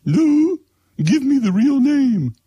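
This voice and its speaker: A man putting on a fussy, high-voiced woman phone agent who talks in a prim, warbling, stubborn way. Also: big pitch swings, slow, warm tone, no echo, dull audio, heavily acted. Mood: prim refusal.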